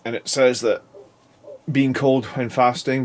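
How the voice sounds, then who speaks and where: A man in his thirties talks through a casual video diary, worn out and foggy after a long fast. He rambles along, keeps restarting his sentences and loses his thread in places. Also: mid-range voice, steady tone, darkish tone. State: tired and foggy from fasting. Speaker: YouTube channel host.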